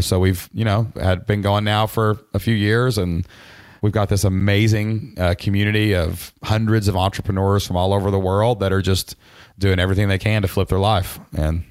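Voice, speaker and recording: A man in his thirties, a podcast guest, telling his story in a chatty, animated way, full of fillers. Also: sits low, dry recording, studio quality. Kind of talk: casual storytelling interview.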